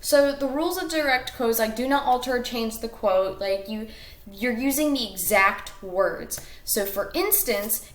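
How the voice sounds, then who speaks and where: A woman's voice: mid-range voice, reverberant, slight background noise. A woman teacher talking through a recorded class lesson step by step, with fillers and self-corrections.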